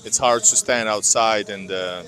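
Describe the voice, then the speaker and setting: A man with a lowish, sharp-toned voice speaks a little slowly with fairly even intonation while walking a winter city street. In this casual live vlog he rambles chattily to his viewers, calling them "guys," recorded on a clip-on microphone.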